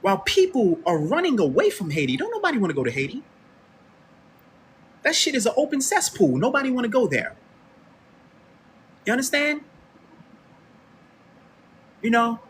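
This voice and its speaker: Fiery, animated American man ranting. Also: high-pitched, slight background noise. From United States. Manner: confrontational, preachy, addresses listeners directly. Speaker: online radio host. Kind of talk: heated commentary monologue.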